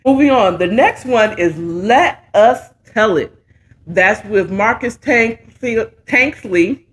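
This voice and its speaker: A woman's voice: mid-range voice, slow pace. Sassy woman reviewing a talk show. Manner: sassy, playful, animated. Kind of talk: casual commentary.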